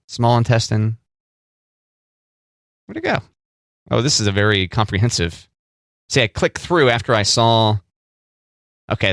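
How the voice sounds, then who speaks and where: A man's voice: lowish voice, fairly bright tone, no room sound, studio quality. A man co-hosting a casual podcast, teasing and joking with his co-host. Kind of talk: casual chat.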